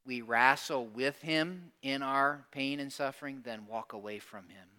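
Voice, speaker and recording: Forceful, emphatic male pastor preaching. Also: mid-range voice, a little slow. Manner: emphatic call-and-response preaching; asks the congregation direct questions. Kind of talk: sermon.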